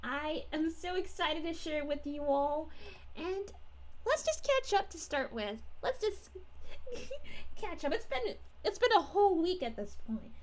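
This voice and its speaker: Brief: sweet bubbly young princess, woman voicing, very high and sing-song, livestream chat in character. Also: big pitch swings, unhurried, full character voice. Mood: cheerful. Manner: gushing, sing-song greetings to viewers. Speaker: VTuber streamer.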